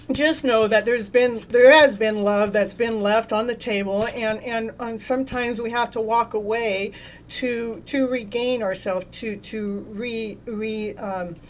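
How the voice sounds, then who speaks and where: A woman's voice: on the high side, fairly even intonation, takes it slowly, a little hiss or hum. A woman hosting a live tarot reading who chats with viewers by name, laughs often and trips over and repeats her words. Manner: talks to viewers in the chat by name. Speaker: tarot reader and show host.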